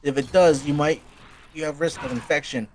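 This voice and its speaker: A man's voice: fairly high pitch, steady tone, moderate pace, a little mellow, a little hiss or hum, pitched above the performer's own voice, close to an everyday voice. A man voicing a serious male soldier who barks orders in a silly fan story, raised above his own voice. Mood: commanding. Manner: commanding, urgent.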